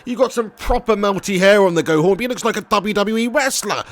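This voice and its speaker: A man commentating his football game live and reading out chat messages, excitable and swearing. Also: high-pitched, quick pace, no echo. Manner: excitable, swears, cheeky banter. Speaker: gaming streamer.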